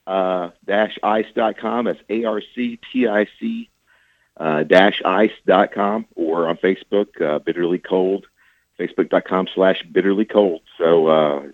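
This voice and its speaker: A man with a very low voice calls in to a radio show, folksy and eager as he talks up his products. The sound is thin and tinny like a phone line, and it stays dry with no room echo. He speaks in a relaxed, homespun way with plenty of filler words. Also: a little slow. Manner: folksy, enthusiastic salesman talk. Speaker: radio guest, cooler business owner. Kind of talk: casual phone-in chat.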